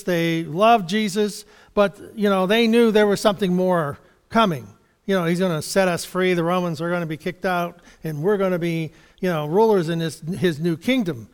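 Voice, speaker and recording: Man preacher, higher voice, loose and halting sermon delivery with small chuckles and restarts, long reverb from a church hall. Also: clean tone. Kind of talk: sermon Bible study.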